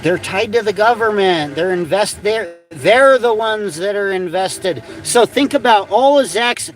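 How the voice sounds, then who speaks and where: A man with a high voice delivers an angry, profane livestream rant. His pitch swings widely as he repeats himself and curses again and again. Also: expressive, measured pace, faint music behind, low-quality recording. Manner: profane, repetitive, heated ranting. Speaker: livestream host.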